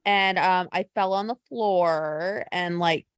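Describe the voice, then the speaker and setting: A woman co-hosting a casual podcast, gushing and animated as she tells stories. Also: fairly low pitch, takes it slowly, clear, resonant tone, no echo, clean studio sound. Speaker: podcast co-host. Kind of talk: casual chat.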